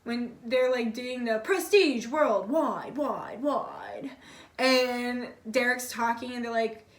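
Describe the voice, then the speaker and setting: A woman's voice: on the high side, takes it slowly. A woman giving a casual pick-a-card tarot reading, chatty and blunt, swearing freely and filling her talk with "like.". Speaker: tarot reader. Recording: echoey room, voice a bit far from the mic.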